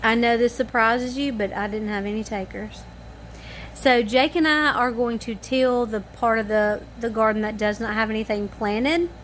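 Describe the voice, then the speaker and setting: A woman's voice: fairly high pitch, fairly even intonation, normal speed, slight background noise. A tired woman chatting casually to camera at home in the evening, rambling in a homespun way. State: tired and yawning. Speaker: family vlogger.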